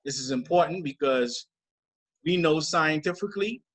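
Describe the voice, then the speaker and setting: A middle-aged man leading a scriptural study, deliberate and emphatic, spelling out word origins. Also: on the high side, a bit bright. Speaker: church teacher.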